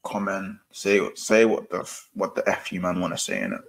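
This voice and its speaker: A man's voice: low-pitched, big pitch swings, moderate pace, creaky. A man ranting as a football fan, swearing and repeating the same phrases again and again. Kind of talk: exasperated reaction rant. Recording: roomy clip with faint noise.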